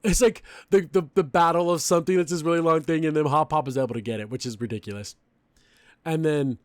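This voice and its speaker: On his podcast, a young man of Mexican family background gives a chatty, opinionated recap of a cartoon episode, filled with fillers. His voice is fairly high, and the recording is dry.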